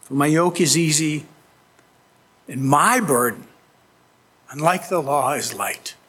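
Brief: male pastor, slow bright delivery, emphatic sermon, reverberant hall. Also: a little high, slightly rough. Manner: earnest, emphatic preaching with rising pleas.

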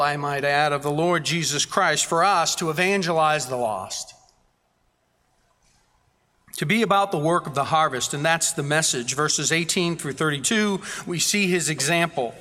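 In a church sanctuary full of long reverb, a pastor delivers an earnest, expressive sermon at normal speed. His slightly high voice is bright and forceful, and he piles up repeated phrases to drive points home.

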